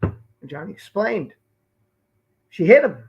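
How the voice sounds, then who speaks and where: Male streamer commenting live; high, gravelly voice that hammers points by repetition; muffled lo-fi audio. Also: big pitch swings, slow pace. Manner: emphatic, repeats key phrases.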